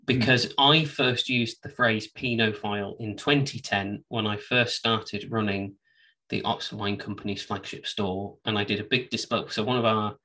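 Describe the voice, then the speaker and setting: A man's voice: lowish voice, steady tone, normal speed, sharp tone, far from the mic, low-quality recording. A man co-hosting a casual wine podcast, telling rambling, self-deprecating stories. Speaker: podcast co-host, wine trade. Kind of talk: casual chat.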